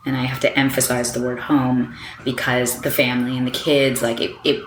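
A woman's voice: a bass voice, flat delivery, moderate pace, slight background noise. A woman guest in a casual interview, talking about her design work with lots of "like" and "you know" and easy laughter. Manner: chatty, many fillers like "like" and "you know"; laughs easily. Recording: roomy echo.

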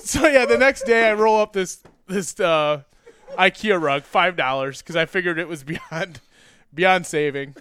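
A man's voice: sits high, a little slow, a bit bright, clean tone, no room sound. A young man telling a rambling, profane story on a podcast, often laughing. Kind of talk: casual storytelling.

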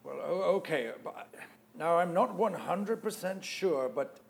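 A weary veteran actor, voiced by a man in a comedic audio play. His voice is gravelly and slow, and he hesitates and stumbles before settling into a reassuring tone. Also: a little high, animated.

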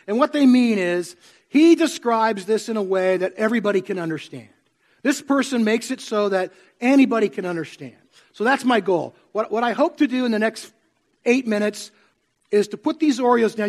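High-voiced pastor preaching conversationally. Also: male voice, animated, fairly quick. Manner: conversational, asks the congregation questions. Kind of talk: sermon. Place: church sanctuary.

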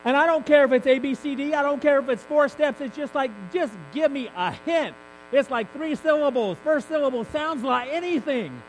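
A man's voice: very high-pitched, normal speed, a little hiss or hum, low-quality recording. A man preaching a sermon in a candid, conversational way, building to emphatic peaks.

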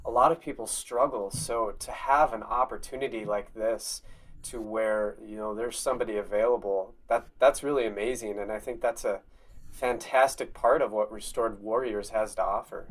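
A man's voice: on the low side, fairly even intonation, moderate pace. Enthusiastic male podcast co-host. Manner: enthusiastic, affirming. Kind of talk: interview questions and commentary.

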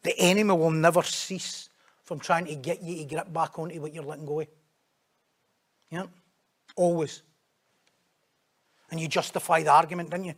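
A man preaching a sermon in an animated, conversational way, breaking into sudden loud, high bursts. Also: moderate pace, pauses often.

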